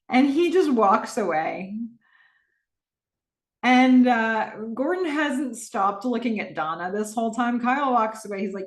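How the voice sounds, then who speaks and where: Podcast host, woman, casual recap with an expressive, swinging pitch and a roomy sound. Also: unhurried. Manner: animated, narrates scenes and reads out dialogue.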